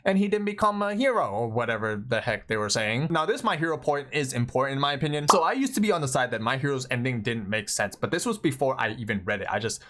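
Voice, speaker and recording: A young Thai-born man with a mid-range voice rants about fan habits in a loose, chatty vlog. He talks fast and loose, peppering his points with "like" and "bro". His tone is animated and exasperated. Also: medium pitch. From Thailand. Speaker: anime commentary vlogger. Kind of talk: casual opinion vlog.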